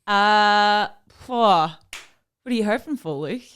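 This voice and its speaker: A woman's voice: mid-range voice, expressive, takes it slowly, fairly bright tone, clean tone. A young woman co-hosting a podcast, chatting casually, laughing and swearing freely. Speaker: podcast co-host. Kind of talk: casual chat.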